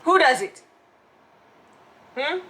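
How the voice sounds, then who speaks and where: A woman's voice: high-pitched, very animated, drawn-out words, a bit bright. A Jamaican woman co-hosting a live stream, joking and chatting while running giveaways. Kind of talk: casual chat with giveaways.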